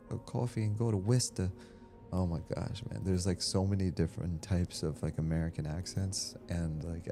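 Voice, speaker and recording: A man streaming a game, rambling casually, reading chat aloud and laughing easily. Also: sits low. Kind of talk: casual livestream chat while gaming. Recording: game music playing behind. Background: game music.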